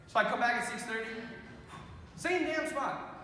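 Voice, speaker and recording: A high-voiced young man gives an animated youth talk in a big school gym, acting out quoted voices as he tells his stories. His voice rings with heavy echo and a long reverb tail across the room. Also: normal speed, slight background noise. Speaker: priest.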